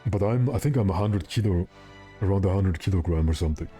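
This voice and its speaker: A man's voice: low voice, quick pace, warm tone, soft background music. A young man streaming a game, chatting casually and rambling with his viewers while he plays. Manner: rambling, joking, answers chat.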